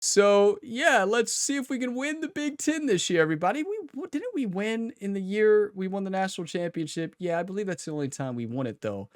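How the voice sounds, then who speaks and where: A man's voice: high-pitched, expressive, brisk, few pauses, no room sound, studio quality. A man giving casual gameplay commentary at a home gaming setup, trash-talking with playful energy. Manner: fired-up, playful trash talk with laughs. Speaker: gaming YouTuber.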